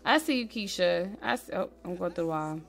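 A woman's voice: fairly low pitch, a little fast, vocal fry. Chatty woman narrating her game. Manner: chatty, talks straight to viewers, swings from murmuring to excited squeals. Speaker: gaming channel host. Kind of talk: casual let's-play commentary.

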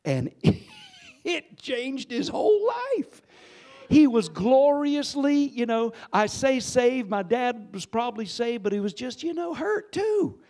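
A pastor in his sixties preaching a sermon, telling a story with sudden swings between hushed and loud delivery and calling on the congregation to respond. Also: extremely high pitch, sing-song, slow pace. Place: church sanctuary.

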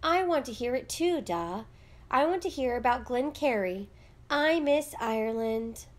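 A woman voicing a frightened little immigrant girl in a storybook, high and tearful. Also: expressive, measured pace. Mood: pleading.

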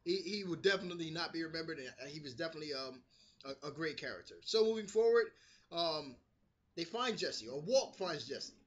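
Casual New male reviewer, high and bright, excitable and profane. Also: fairly quick. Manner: animated, swears freely, acts out quotes. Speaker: TV episode reviewer. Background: street construction noise.

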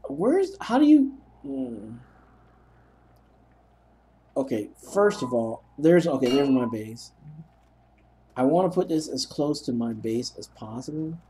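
A man's voice: medium pitch, big pitch swings, slow pace, long pauses, dark tone, slight background noise. A young man narrating a gameplay session, telling rambling, self-mocking stories as he plays. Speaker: gaming commentator. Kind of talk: let's play commentary.

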